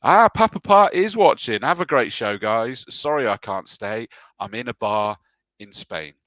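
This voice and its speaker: A man's voice: mid-range voice, animated, unhurried, fairly bright tone, dry recording. A man hosting a casual live stream, reading out viewer messages and greeting each one as mate in a chatty, jokey way. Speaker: host.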